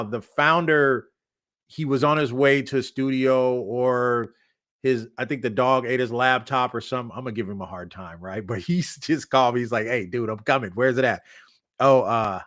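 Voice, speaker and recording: A man's voice: mid-range voice, a bit bright. Hyped, rambling live-stream host man. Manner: hyped, rambling, street-casual banter. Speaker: livestream host. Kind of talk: casual live-stream chat.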